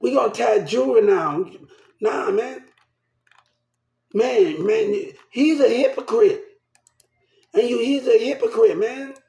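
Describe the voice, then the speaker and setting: A man's voice: extremely high pitch, takes it slowly, gravelly, pauses often, darkish tone, reverberant. An upset man ranting to the camera, agitated and repeating himself, shaken and swearing. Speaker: vlogger. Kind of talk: angry rant to camera.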